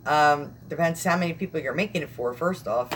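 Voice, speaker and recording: A woman's voice: low-pitched, a little fast, slight background noise. Chatty, rambling young woman vlogger. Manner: rambling, chatty, laughs often. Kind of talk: casual live-stream chat.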